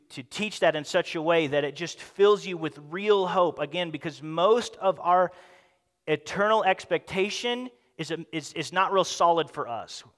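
A man preaches to his congregation, lively and animated, slipping into other voices for the speech he quotes. His voice sits high for a man. The sound rings with long reverb from a hall. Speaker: pastor. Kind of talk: sermon.

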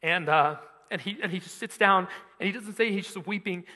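A young man preaching, telling a personal story with animated energy and rising volume as he drives to his point. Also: sits high, a little fast. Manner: animated storytelling, loud when quoting himself. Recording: long hall reverb.

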